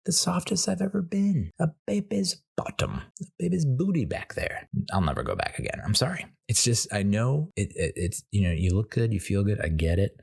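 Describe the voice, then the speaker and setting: A man telling a comedic story in a casual, animated way, swearing freely and acting out the voices of other people. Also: deep voice. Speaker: comedy podcast host.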